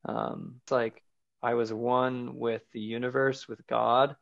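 A man's voice: medium pitch, flat delivery, slow, gravelly, fairly bright tone, no room sound. A man as a podcast guest, earnestly recounting a personal experience in a searching way, loose with fillers. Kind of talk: personal storytelling in an interview. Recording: dull lo-fi sound.

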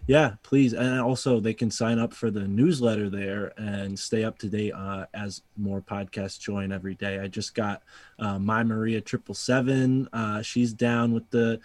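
A man from Connecticut, a podcast guest chatting casually in a rambling, laid-back way that trails off softly. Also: on the low side, fairly even intonation, unhurried, dry recording. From Connecticut, USA.

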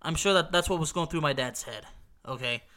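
Speaking briskly in a high, sharp voice, a man excitedly retells a football final he saw with his dad. Allergies make him sound stuffy, and he hammers his points, repeats himself, throws in the occasional swear, and asks "okay?"

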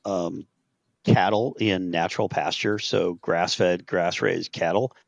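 A man's voice: deep voice, steady tone, takes it slowly, gravelly, dry recording, lo-fi sound. A man in casual podcast chat, explaining a point in a matter-of-fact way.

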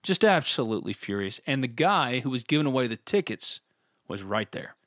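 Animated man telling stories. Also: medium pitch, fairly quick, dry recording, clean studio sound. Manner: animated storyteller, laughs often. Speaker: podcast co-host. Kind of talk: casual sports talk.

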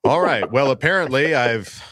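A man's voice: medium pitch, lively intonation, moderate pace, a bit bright, no room sound, studio quality. A man hosting a podcast in a casual, jokey chat, laughing easily. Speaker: podcast host.

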